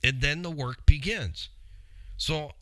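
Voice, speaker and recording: A man's voice: fairly high pitch, slow pace, bright, forceful tone, no echo. A middle-aged man hosting a show, telling a long story in a rambling, chatty way and speaking straight to his listeners. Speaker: radio show host. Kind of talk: casual storytelling.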